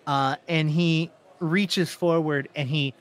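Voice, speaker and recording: Casual male game master, fairly high voice, halting narration. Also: fairly even intonation.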